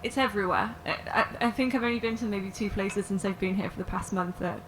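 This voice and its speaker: A woman's voice: medium pitch, quick pace, a little hiss or hum, poor audio. Enthusiastic young English woman host. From England. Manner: enthusiastic, animated, laughs. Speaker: podcast host. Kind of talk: casual chat.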